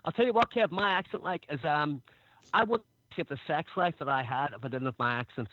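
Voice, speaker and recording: Fast-talking Northern Irish caller. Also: male voice, fairly high pitch, pushed and bright, no echo, highs cut off. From Northern Ireland. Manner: rambling, many fillers and restarts. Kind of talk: phone-in storytelling.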